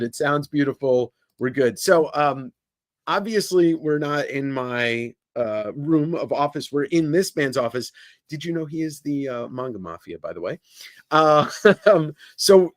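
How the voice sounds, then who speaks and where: A man's voice: a little high, dry recording, clean studio sound. A man hosting a live comic sale stream from an office, joking and greeting viewers by name. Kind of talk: casual livestream chat. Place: indoor office.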